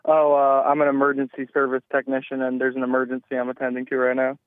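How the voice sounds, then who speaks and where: A man calling into a show from his car, talking in a flat monotone. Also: medium pitch, quick pace, smooth, no room sound. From Western New York. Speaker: caller. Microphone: phone line. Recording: tinny phone line.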